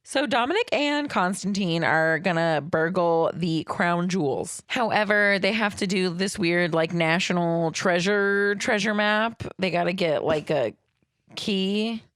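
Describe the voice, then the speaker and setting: A woman's voice: fairly low pitch, unhurried, fairly bright tone, no room sound, studio quality. A young woman co-hosting a podcast, recapping a movie in casual chat, joking and laughing often. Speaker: podcast co-host.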